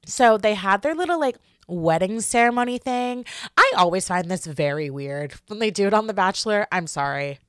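A chatty young woman in her twenties hosts her own podcast, rambling through her opinions with lots of fillers and lively swings in her voice. Her voice sits at an everyday middle pitch. The sound is close and dry, with no room around it. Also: normal speed, clean tone, dry recording. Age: 20s. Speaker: podcast host. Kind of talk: casual solo podcast chat.

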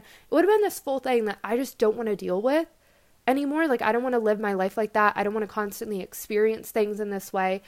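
A young woman hosting a self-help talk, speaking in a reflective, gentle, conversational way with casual "like" fillers. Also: medium pitch, a little fast. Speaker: podcast host and coach.

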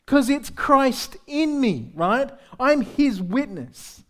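In a church service, a male pastor with a very high-pitched voice preaches slowly and with great animation. He talks to the congregation candidly, as if in conversation, teasing himself and repeatedly asking rhetorical questions.

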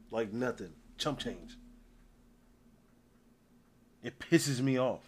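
A man's voice: medium pitch, slow pace, long pauses, a little hiss or hum. A man from the United States in casual, profane chat, firing off rhetorical questions.

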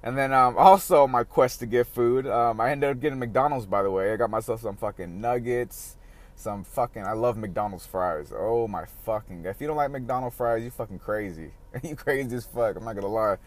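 A man's voice: mid-range voice, moderate pace. Profane, rambling man ranting casually. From San Diego area. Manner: profane, rambling, laughs often. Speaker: podcast host. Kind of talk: casual solo podcast rant.

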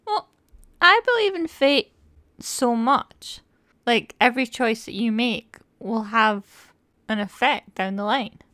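A woman's voice: fairly high pitch, slow, a bit bright, no room sound, studio quality. A woman co-hosting a casual review chat, eager and opinionated. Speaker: podcast co-host.

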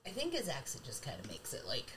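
A woman's voice: a bass voice, huge pitch swings, quick pace. A woman co-hosting a podcast, giving playful opinions in casual chat. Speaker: podcast co-host. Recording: noisy background.

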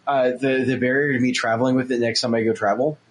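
A man co-hosting a podcast, talking in a relaxed, conversational way. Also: mid-range voice, fast talker, rough recording. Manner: relaxed and conversational, says "dude". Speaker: podcast co-host. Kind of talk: casual chat.

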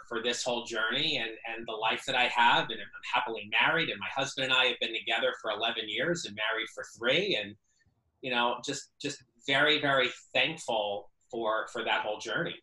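As a guest in a casual interview, a man with a mid-range, bright, forceful voice speaks at a moderate pace, earnest and reflective, often repeating words while he thinks. The recording is reverberant and low quality.

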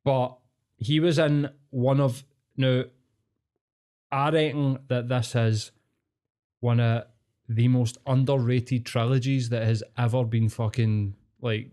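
This is a young Scottish man co-hosting a podcast, chatting loosely about films. He rambles, swears casually and sits at a middling pitch, with nothing forced in his delivery. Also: normal speed. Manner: swears a lot, rambling and animated. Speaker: podcast co-host. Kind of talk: casual chat.

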